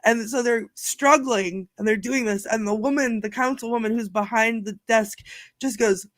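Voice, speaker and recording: A woman co-hosting a casual podcast chat about a film, telling scenes in an animated way and laughing often. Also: on the high side, moderate pace, no room sound, clean studio sound. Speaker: podcast co-host.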